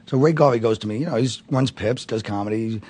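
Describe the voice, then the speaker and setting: A comedian from Brooklyn telling stories in a casual interview, rambling with many fillers. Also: male voice, medium pitch, fast talker, darkish tone. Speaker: comedian guest.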